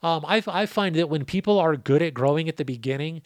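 A man's voice: on the high side, fairly quick, no echo, clean studio sound. A man hosting a casual podcast, answering listener questions in a laid-back, profane, rambling way, his voice worn out. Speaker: podcast host.

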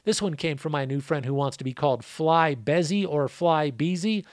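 Man, podcast host, worn-out voice, slightly high pitch, dry close sound. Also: normal speed, no room sound. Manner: profane, laid-back, rambling. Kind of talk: casual podcast Q&A.

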